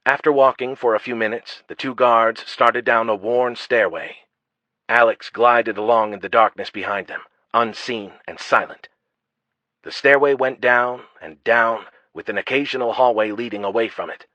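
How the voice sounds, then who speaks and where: A man narrating a fantasy audiobook in a steady, even storytelling manner. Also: mid-range voice, normal speed, no room sound. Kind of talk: scripted narration. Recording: dull lo-fi dry audio.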